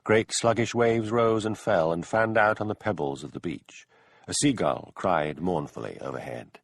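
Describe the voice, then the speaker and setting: A man narrating an audiobook in measured storytelling. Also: low-pitched, gravelly. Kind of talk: scripted narration.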